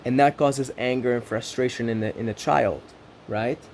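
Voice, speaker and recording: A man's voice: medium pitch, moderate pace, a little mellow, a little hiss or hum. A man from the Middle East giving an earnest, reflective self-help monologue, often checking in with "right?" and building rhythmic lists. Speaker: spiritual self-help speaker.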